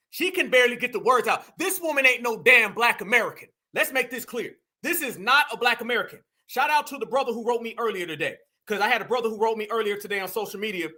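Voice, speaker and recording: A man's voice: very high-pitched, pushed and bright. A man hosting a heated political commentary stream, emphatic and repetitive, constantly calling out to his audience. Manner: emphatic, repeats points, keeps addressing the audience as fam and y'all. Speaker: commentary channel host.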